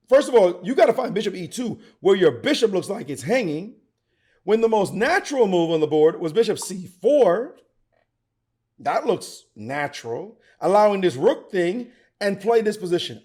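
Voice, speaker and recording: A middle-aged man teaching chess, excitable and theatrical, talking straight to the viewer. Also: high-pitched, husky. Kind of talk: animated chess commentary.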